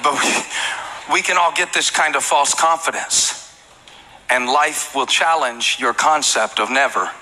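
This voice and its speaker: A man's voice: a little high, measured pace, pushed and bright, big-room sound, poor audio. A male pastor preaching a sermon in a conversational way, with humorous asides and emphatic repetition.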